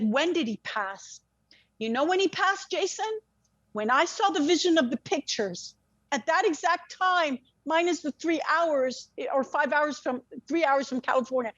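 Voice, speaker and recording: A woman, an interview guest, telling a very personal story in an animated way, swearing freely and often restarting her sentences. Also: sits high, no echo. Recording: dull lo-fi dry sound.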